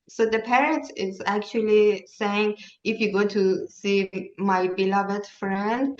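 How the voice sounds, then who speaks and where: A woman leading a workshop, telling a story in halting with many fillers, heard over a video call. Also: mid-range voice, darkish tone. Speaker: workshop leader. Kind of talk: casual storytelling. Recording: roomy, distant, dull sound.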